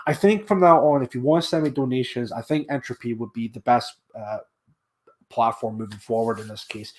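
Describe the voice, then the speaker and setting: A man's voice: mid-range voice, a little mellow. A man hosting a casual livestream, talking in a rambling way, repeating himself and making scornful asides. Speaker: livestream host.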